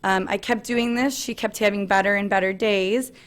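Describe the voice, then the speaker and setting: A woman in her thirties giving an earnest personal presentation at a family meeting, pausing often on "um". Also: mid-range voice, fairly even intonation. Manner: earnest, frequent "um" fillers, light laughs.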